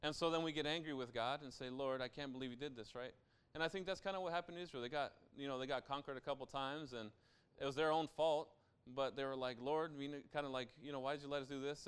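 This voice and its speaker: A man's voice: fairly high pitch, fast, few pauses, a bit bright, clean tone. A young adult man preaching a sermon as pastor, in a conversational style with frequent asides to the listeners.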